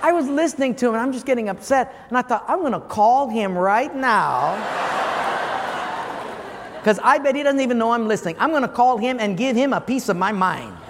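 High-voiced animated preacher in a hall. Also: male voice, quick pace, hardly any pauses. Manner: animated, acts out quoted callers. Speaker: pastor. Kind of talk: humorous sermon storytelling. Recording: long hall reverb, faint room noise.

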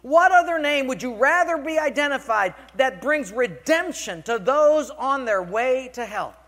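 A pastor acting out God, a majestic divine voice that climbs high and grows forceful with every question. It declaims solemnly, each phrase rising. The sound rings in a long hall reverb. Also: male voice.

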